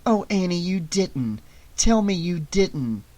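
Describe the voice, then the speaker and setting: A reader voicing a shy, sensible teenage girl babysitting, speaking softly and gently. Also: mid-range voice, sing-song, slow pace, pitched above the performer's own voice. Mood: embarrassed. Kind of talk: audiobook character voice.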